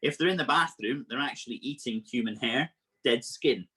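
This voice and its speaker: Husky-voiced man presenting animals playfully. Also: medium pitch, normal speed. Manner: lively, playful explaining with frequent asides. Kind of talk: live online animal workshop for children. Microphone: video call.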